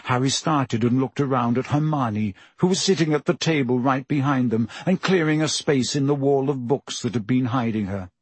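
A man's voice: medium pitch, moderate pace, hardly any pauses, breathy edge, no echo. A man reading a novel aloud as an audiobook narrator, telling the story steadily. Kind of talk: scripted narration.

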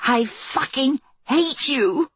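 A woman's voice: on the high side, expressive, slow, breathy edge, no room sound, voice pushed up, exaggerated voice. A woman voicing an injured, defiant wife who speaks in a strained, hissing way. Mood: hissing hate.

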